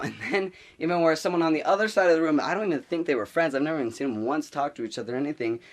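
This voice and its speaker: A teenage boy telling a story in a casual vlog, rambling and animated, full of restarts and filler words. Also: fairly high pitch, very fast, hardly any pauses. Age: teens. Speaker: vlogger.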